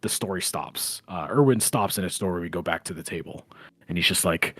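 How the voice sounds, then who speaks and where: Man, game master narrating a tabletop game, halting, low voice, husky. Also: sharp tone, no echo. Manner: halting, filler-heavy narration.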